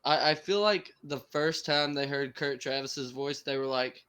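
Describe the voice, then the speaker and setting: A man's voice: medium pitch, a little slow, few pauses, fairly bright tone, smooth. A young man chatting casually on a podcast call, agreeable and slangy. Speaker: podcast co-host.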